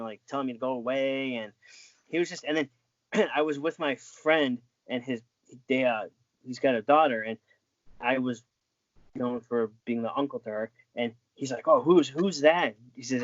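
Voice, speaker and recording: A man's voice: mid-range voice, dry recording, dull audio. A man being interviewed as a former wrestling referee, telling stories in a rambling way with lots of restarts and filler words. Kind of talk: casual storytelling.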